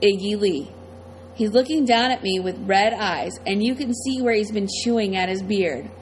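A woman's voice: mid-range voice, moderate pace, slight background noise, poor audio. Woman narrating a tense story. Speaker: audiobook narrator. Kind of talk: first-person scripted narration.

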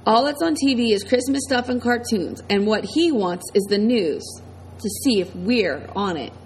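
A woman narrating an audiobook in first person, steady and plain. Her voice sits fairly high, and a faint hiss runs beneath it. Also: normal speed, low-quality recording.

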